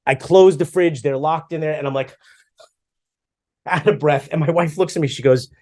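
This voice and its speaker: A middle-aged man co-hosting a podcast, chatting casually and telling stories with lively acted-out asides. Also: on the high side, normal speed. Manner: animated storyteller, acts out his own past lines. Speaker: podcast co-host. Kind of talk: casual chat.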